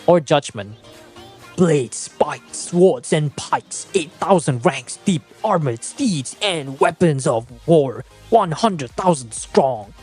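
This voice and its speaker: A streamer voicing a grand, solemn narrator of game lore, declaiming slowly with a put-on accent, over faint background music. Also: medium pitch, animated, darkish tone, natural voice. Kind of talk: dramatic reading of in-game text.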